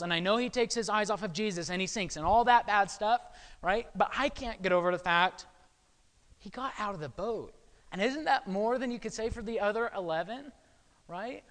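A man preaches a sermon in a large hall, his voice high-pitched with a fairly bright tone. He keeps it conversational and often checks in with listeners by asking "okay?"

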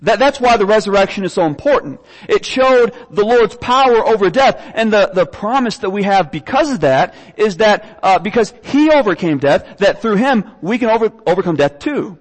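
A man's voice: high voice, expressive, normal speed, hardly any pauses, in a large hall, low-quality recording. A young man preaching a sermon, earnestly reading scripture aloud and often repeating his words. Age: young adult.

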